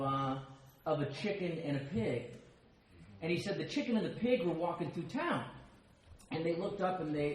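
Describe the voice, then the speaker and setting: An American man speaks with a fairly high voice, animated and full of self-mocking humor as he tells his story at a recovery meeting. The sound is very echoey, as if picked up in a big hall. Faint background ambience runs underneath. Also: a little hiss or hum. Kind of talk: personal share talk.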